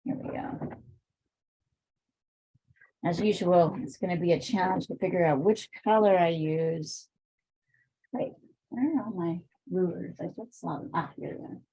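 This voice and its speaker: A woman's voice: on the low side, a little slow, pauses often, mellow, breathy edge. A woman art teacher with a weak, strained voice, chatting and thinking aloud while she demonstrates drawing in a live online class, with plenty of fillers.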